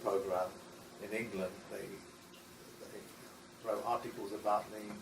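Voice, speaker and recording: Low-voiced man in an echoey room. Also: flat delivery, gravelly, recorded from a distance, noisy background. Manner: halting, with many restarts and laughs. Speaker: interview guest. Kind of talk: casual conversation.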